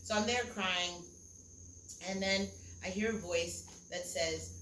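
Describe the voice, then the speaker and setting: Loud cricket noise fills the echoey recording as this podcast guest, a young singer in Costa Rica, speaks from outdoors or an open room. Her voice is low and unhurried, and she rambles openly with plenty of fillers and offhand cursing.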